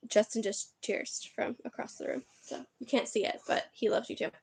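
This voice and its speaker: A woman reading a children's book aloud on a livestream, expressive and chatty between chapters. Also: fairly high pitch, moderate pace, gravelly, slightly rough. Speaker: reader.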